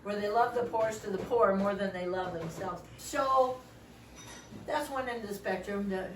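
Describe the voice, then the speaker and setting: Animated woman trainer in a roomy hall. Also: mid-range voice, normal speed, distant mic, slight background noise. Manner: animated, joking, acts out quoted voices. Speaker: volunteer trainer. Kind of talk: training talk to volunteers.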